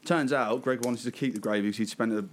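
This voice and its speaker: Around thirty, this man races through an anecdote, laughing and cursing freely as he goes. His voice sits at an ordinary middle pitch, and the telling feels loose, chatty and off the cuff.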